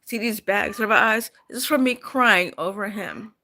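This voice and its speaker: A woman's voice: mid-range voice, moderate pace, pushed and bright. A middle-aged woman vlogging, angry and upset, repeating herself as she vents after sleepless nights. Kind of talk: emotional personal vlog.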